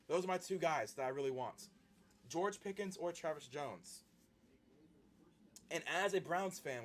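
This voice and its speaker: A man hosting a live stream, reacting to a sports draft and talking straight to his viewers in an excitable way. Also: a little high.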